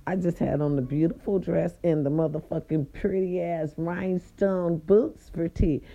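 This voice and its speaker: A woman telling viewers a story in a casual, animated and profane way, speaking straight to them. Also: fairly low pitch, a little slow, muffled recording.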